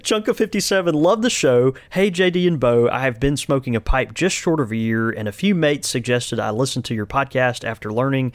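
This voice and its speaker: A man's voice: mid-range voice, fairly quick, few pauses, no echo. A man co-hosting a podcast in easygoing, casual chat who laughs often and uses many fillers. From United States. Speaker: podcast co-host.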